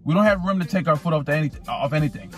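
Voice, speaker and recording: Man vlogging, fairly high voice, ranting, stumbling and repeating words, faint music behind. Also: lively intonation, very fast, fairly bright tone. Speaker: sports fan vlogger. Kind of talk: casual ranting vlog.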